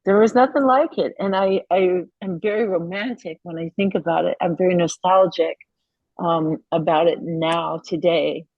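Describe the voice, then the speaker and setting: A woman's voice: fairly low pitch, moderate pace, no echo, muffled recording. A woman in her fifties, a guest musician in a casual interview, telling candid, profane stories with plenty of feeling. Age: 50s. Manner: profane, candid, emotional storytelling.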